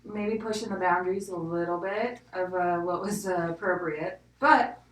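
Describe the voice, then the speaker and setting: A woman's voice: on the low side, normal speed, recorded from a distance. A young woman with a slight Southern American accent, co-hosting a podcast in a rambling, giggly chat. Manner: giggly, rambling, many likes. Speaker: podcast co-host. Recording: echoey room, off-mic.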